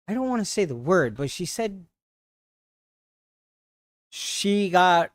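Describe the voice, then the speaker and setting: A man on a livestream retelling an upsetting encounter in a halting, shaken way, with many restarts. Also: high voice, animated, no echo, studio quality. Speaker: streamer. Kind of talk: casual storytelling on a livestream.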